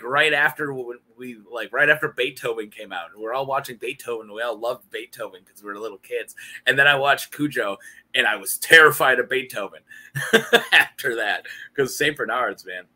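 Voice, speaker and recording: A man's voice: mid-range voice, sharp tone. A young man hosting a casual, joking video chat, who laughs often and banters with himself. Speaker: YouTube host.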